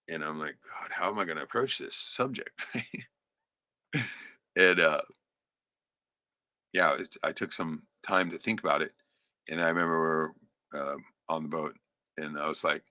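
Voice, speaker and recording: A low-voiced middle-aged man tells a long, profane personal story in a loose, chatty way. His tone is bright and forceful, and the sound is dry and close, with little room echo. He laughs often and keeps tossing in "right?". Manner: laughs often while telling.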